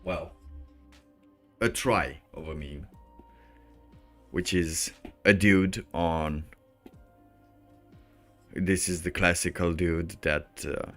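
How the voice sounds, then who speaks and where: A male streamer talks through his commentary in a low, deep voice. He takes his time, circling back and restarting as his thoughts wander. A faint bed of music hums underneath. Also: very slow, long pauses, a bit bright. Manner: rambling, loosely strung thoughts. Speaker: livestream host. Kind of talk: livestream commentary.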